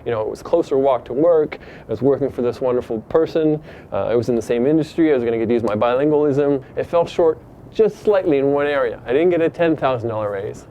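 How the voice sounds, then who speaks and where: A man's voice: mid-range voice, fast, mellow, lo-fi sound, a little hiss or hum. A middle-aged man from Canada earnestly telling a personal story in a casual, reflective way.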